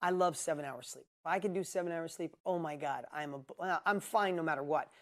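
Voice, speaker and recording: A man's voice: on the high side, a little fast. A man coaching a live group, answering questions in a blunt, emphatic, motivational way. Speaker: business coach and host.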